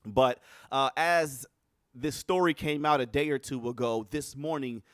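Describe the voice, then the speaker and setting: A young man talking casually on his livestream, rambling and animated, swearing freely as he reacts to the news. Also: mid-range voice, measured pace, dry recording, clean studio sound. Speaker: streamer. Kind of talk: casual chat.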